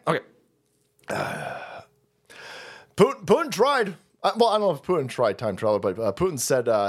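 A man's voice: mid-range voice, sing-song, moderate pace. A man hosting a livestream, ranting in a profane, sarcastic way and often laughing. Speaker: livestream host.

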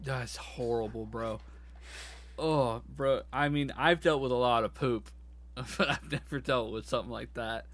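A young man at an ordinary pitch, chatting casually as podcast co-host. He reacts with groans and laughs and calls his friend bro. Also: unhurried, fairly bright tone. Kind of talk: casual chat.

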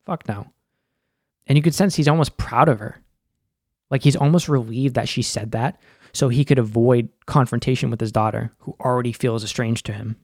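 A man's voice: mid-range voice, steady tone, brisk, a little mellow, dry recording, studio quality. A young man giving a casual, profane breakdown of a TV episode, full of filler words. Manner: laid-back and profane, full of "like". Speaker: film and TV recap host.

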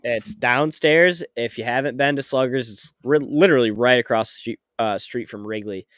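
Young male co-host, mid-pitched, relaxed and profane, dry close-mic sound. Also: moderate pace, no echo. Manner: laid-back, swears casually, laughs often. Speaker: podcast co-host. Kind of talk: casual chat.

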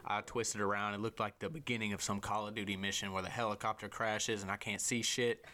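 A young man talks in a slightly low voice, spinning a rambling, profane story for his guest. He jumps into higher voices for the people he quotes and keeps the telling lively and loose. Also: brisk. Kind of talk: casual storytelling chat.

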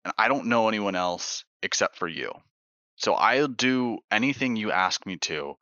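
A man playing a wary male vampire who pleads haltingly for help. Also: fairly low pitch, expressive, pushed and bright, no echo, dull audio, pitched above the performer's own voice. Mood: pleading. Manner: hesitant, pleading.

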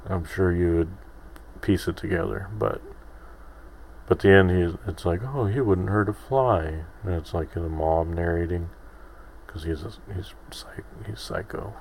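A man's voice: low-pitched, fairly even intonation, unhurried, a little mellow, a little hiss or hum. A man in his thirties hosting a solo podcast, rambling and self-deprecating with lots of restarts. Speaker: podcast host. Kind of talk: casual solo podcast monologue.

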